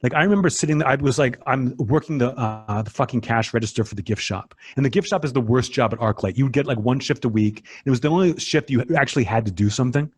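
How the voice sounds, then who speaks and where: Podcast guest, male comedian in his forties, average pitch, loose conversational storyteller. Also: fast talker, few pauses, husky. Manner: loose storytelling with frequent swearing and fillers. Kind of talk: casual podcast chat.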